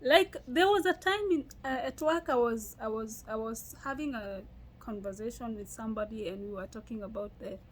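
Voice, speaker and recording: A woman's voice: fairly high pitch, normal speed, a little hiss or hum, low-quality recording. A young Kenyan woman with a Kenyan accent, chatting animatedly in a casual vlog and restarting her sentences often. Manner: animated storytelling with frequent laughs and restarts. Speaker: vlogger. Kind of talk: casual chat.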